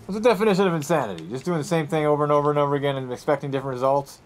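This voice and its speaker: A young man giving casual let's-play commentary, excitable and talking to himself as he yells at the game. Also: a little high, racing, slight background noise. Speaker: gameplay commentator.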